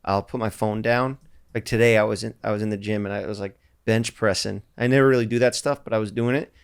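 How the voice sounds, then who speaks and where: A man's voice: lowish voice, steady tone, fast talker, creaky, clean tone. A young man hosting a podcast, rambling and swearing in loose casual chat. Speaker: podcast host.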